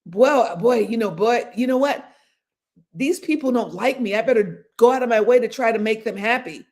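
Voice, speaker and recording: An older woman hosting a casual motivational talk, animated and laughing often as she acts out the voices people use on themselves. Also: a little high, normal speed. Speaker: host.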